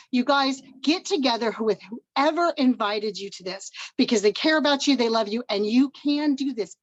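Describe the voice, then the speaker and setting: On a video call, an older woman from Washington State, appearing as a guest presenter, gives an upbeat and emotional personal testimony. Her voice sits high, and the recording is muffled with no room sound.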